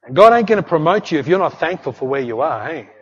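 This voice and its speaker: A middle-aged male pastor preaches with an emphatic, repetitive delivery, calling out to his congregation. His voice sits a little higher than most men's. It rings with long reverb through a church hall, captured on a dull, lo-fi recording. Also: big pitch swings, fast, breathy edge. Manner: emphatic preaching with repeated "hey" and "don't fret". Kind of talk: sermon.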